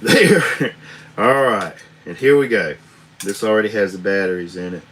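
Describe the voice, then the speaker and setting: A man's voice: on the low side, expressive, moderate pace, a bit bright, a little hiss or hum. A man, a truck driver chatting casually and rambling on a live stream, swearing freely, chuckling often, recorded on a tablet camera.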